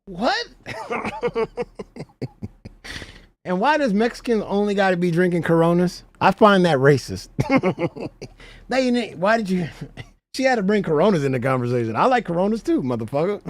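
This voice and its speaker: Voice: medium pitch, sing-song, moderate pace, pauses often, no room sound. A reaction stream host giving casual, mocking commentary and laughing often.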